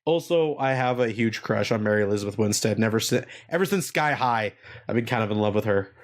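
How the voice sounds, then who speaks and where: A man's voice: lowish voice, expressive, brisk. Crude joking man hosting a podcast. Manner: crude, self-mocking, swears a lot. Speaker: podcast host. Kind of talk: casual comedic podcast banter.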